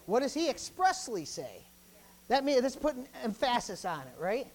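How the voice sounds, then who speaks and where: In this low-quality recording, a pastor delivers a sermon at a moderate pace. His preaching is forceful and full of repetition, with interjections shouted between points, and his energy shifts back and forth between loud outbursts and quiet asides.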